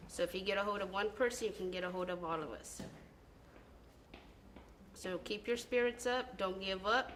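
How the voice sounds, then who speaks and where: A young woman delivers a sincere recorded tribute to a former mentor. She speaks earnestly, pausing on ums and correcting herself. A faint background noise sits under her voice. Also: mid-range voice, a bit bright. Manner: earnest, halting, with filler ums. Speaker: former band student.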